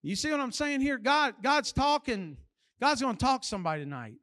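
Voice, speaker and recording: A man's voice: very high-pitched, big pitch swings, a little fast, sharp tone. An older man preaching a sermon in a church, in a folksy, emphatic way and with plain everyday phrasing.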